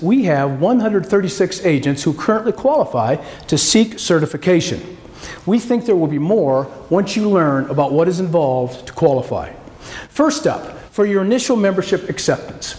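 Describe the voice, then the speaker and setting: A man giving a scripted corporate presentation, laying out requirements with upbeat, gently joking asides. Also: high voice, big pitch swings, moderate pace.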